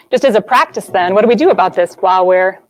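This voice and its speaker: A woman's voice: medium pitch, fairly quick, slight background noise, poor audio. A woman in her thirties giving an earnest spiritual talk to a group, often checking in with the audience. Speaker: guest speaker.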